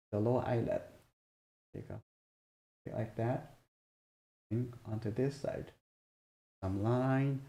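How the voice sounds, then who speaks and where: Soft-spoken gravelly drawing teacher. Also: male voice, mid-range voice. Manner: soft-spoken, halting, murmurs while drawing. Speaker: drawing instructor. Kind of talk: live drawing demonstration.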